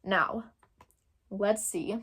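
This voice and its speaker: A woman's voice: mid-range voice, extremely slow, fairly bright tone, breathy edge. A young woman from Texas giving casual commentary, thinking aloud and rambling with lots of filler words. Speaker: commentary creator.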